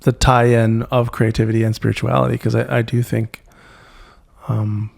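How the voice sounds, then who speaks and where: A man guest on an interview podcast, speaking reflectively and halting often to search for words. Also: mid-range voice, flat delivery, gravelly, darkish tone. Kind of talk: reflective conversation.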